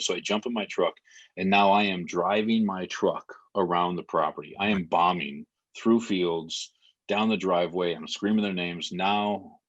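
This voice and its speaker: Deep-voiced man telling a story. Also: highs cut off. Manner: vivid retelling with many fillers. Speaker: podcast guest. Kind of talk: emotional storytelling in conversation.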